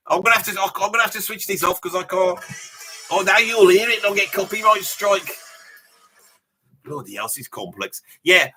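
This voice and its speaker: A boastful old rocker with a thick Birmingham accent, put on by a man spins rambling tall tales in a comic live reaction. His voice sits a little high and swoops about, with a bright, sharp edge, and he keeps tossing in 'bloody' and 'right?' with mock indignation. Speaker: live reaction streamer in character.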